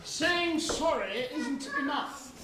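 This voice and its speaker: A woman's voice: high-pitched, expressive, slow pace, noisy background. A woman playing a blustering, pompous villainous pirate captain in an amateur stage pantomime, recorded from far off in an echoey hall. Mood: scolding. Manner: theatrical, shouting orders, scheming.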